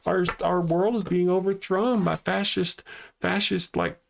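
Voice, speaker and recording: A man's voice: sits high, steady tone, a little slow, gravelly. A man hosting a live-streamed talk show, ranting heatedly and answering chat comments aloud from home.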